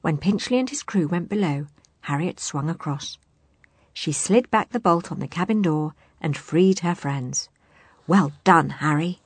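Husky woman reading a children's storybook. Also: lowish voice, measured pace, no room sound. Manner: expressive, animated storytelling. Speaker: narrator. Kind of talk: children's storybook read-aloud.

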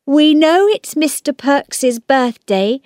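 A woman's voice: high voice, lively intonation, slow pace, darkish tone, no echo, clean studio sound, voice pushed up. A woman voicing an eager young boy, speaking in a raised, emphatic tone. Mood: earnest.

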